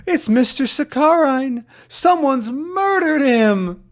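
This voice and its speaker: A man voicing a panicked woman housekeeper with high, shrieking cries for help. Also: lively intonation, takes it slowly, exaggerated voice.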